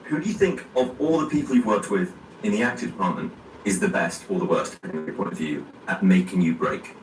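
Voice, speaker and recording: A man's voice: deep voice, brisk, soft background music. A man interviewing an actor, casual and jokey with wry asides. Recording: echoey room from far off with faint noise.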